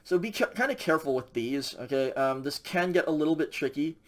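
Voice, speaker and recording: A Greek teacher with a slightly high voice lectures on grammar in a brisk, animated way. The recorded session is casual, peppered with fillers and frequent checks on the class.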